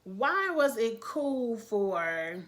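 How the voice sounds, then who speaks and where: Woman vlogger, AAVE, sassy reality-TV recap, lively asides. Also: a little high, extremely slow. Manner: sassy, animated, quotes cast members. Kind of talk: casual recap commentary.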